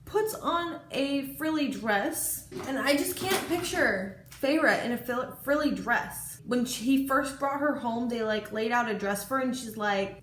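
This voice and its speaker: Chatty woman with a high voice in an echoey room. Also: measured pace, hardly any pauses. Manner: chatty retelling, heavy use of "like"; animated, exclamatory. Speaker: book vlogger. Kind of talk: casual book reaction vlog. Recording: echoey room with faint noise.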